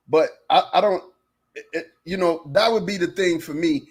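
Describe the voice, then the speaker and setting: Man, podcast co-host, casual sports chat, animated, slightly high voice. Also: moderate pace, a little hiss or hum. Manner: animated, talks over partner, repeats phrases.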